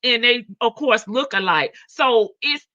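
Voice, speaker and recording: A woman's voice: fairly high pitch, unhurried, bright, forceful tone, highs cut off. A woman hosting a livestream, chatting casually, greeting viewers by name and laughing often. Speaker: livestream host. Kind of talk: casual chat reading out live comments.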